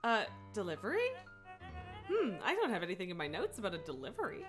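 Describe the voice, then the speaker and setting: A woman's voice: medium pitch, wildly swooping pitch, quick pace, over music, voice pushed down. A woman voicing a nervous, fussy office receptionist who speaks hesitantly and apologetically. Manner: hesitant, apologetic, rule-bound.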